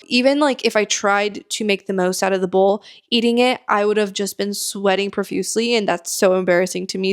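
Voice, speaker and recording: A young American woman hosting her own podcast, chatting candidly about her travels and dropping in quick asides. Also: medium pitch, clean tone. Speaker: podcast host. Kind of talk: casual solo storytelling.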